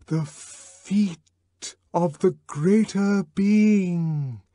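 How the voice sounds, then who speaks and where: An eerie machine-made voice calls out to a ritual crowd, pitched high and drawn out into a slow chant. A male audiobook narrator puts it on in a dry, close recording. Each word is stretched and sung. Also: mellow, no echo. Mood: eerie whisper. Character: booming synthetic male voice of a ritual.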